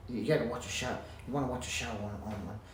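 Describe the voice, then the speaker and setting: A man ranting casually to camera at home, rambling with halting restarts and blunt swearing. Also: medium pitch. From Australia. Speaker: vlogger. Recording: roomy echo, faint background hum.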